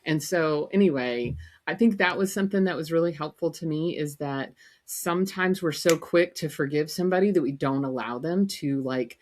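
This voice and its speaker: A woman's voice: low voice, normal speed, a little mellow. A woman in her fifties, a grandmother co-hosting a podcast, chatting candidly and telling stories with frequent laughs. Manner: candid, laughs often, storytelling. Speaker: podcast co-host. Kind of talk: casual chat.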